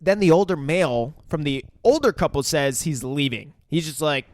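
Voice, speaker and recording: A man's voice: on the high side, lively intonation, normal speed, a little mellow. A young man co-hosting a podcast, walking through a movie's plot beat by beat with swearing and quoted lines. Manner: narrates plot beats, swears, laughs, quotes characters. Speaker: podcast co-host. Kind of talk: casual movie recap chat.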